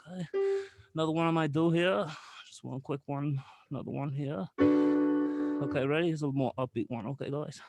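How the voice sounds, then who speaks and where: A fussy, rambling late-night talk-show host, as a man puts him on, wheezing for breath and tacking "okay" onto everything. His voice sits fairly high and crackles with gravel, and he keeps breaking into off-key singing. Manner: fills every phrase with "okay" and "here"; belts off-key song snippets. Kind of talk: comedic character bit.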